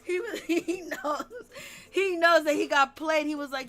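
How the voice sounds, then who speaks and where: High-voiced woman giving a laughing gossip recap. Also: unhurried. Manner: animated, laughs often, exclaims "Lord". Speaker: reality TV commentary host. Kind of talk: live-stream gossip recap.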